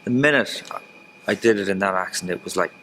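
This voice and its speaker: A man's voice: low-pitched, fairly quick, bright, forceful tone, slight background noise. An Irish man chatting easily in an interview and telling an anecdote. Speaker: comedian interviewee. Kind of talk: casual interview chat.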